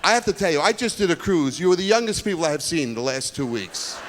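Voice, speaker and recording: Older Brooklyn man doing lively stand-up. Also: a little high, slight background noise. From Brooklyn, New York. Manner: rapid-fire joke delivery with bits of put-on voices. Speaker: stand-up comedian. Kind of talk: stand-up comedy routine. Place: high school auditorium.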